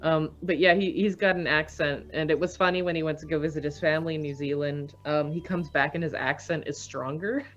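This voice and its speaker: A Canadian woman with a lower voice co-hosts a live stream in relaxed, chatty talk, laughing often. The audio is dull and lo-fi, with faint music in the background. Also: a little fast, few pauses. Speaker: stream co-host. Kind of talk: casual stream chat.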